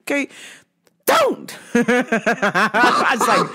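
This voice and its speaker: Loud, profane woman telling a story. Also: mid-range voice, huge pitch swings, normal speed, very noisy. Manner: loud, profane, laughing often. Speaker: podcast host. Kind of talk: comedic storytelling.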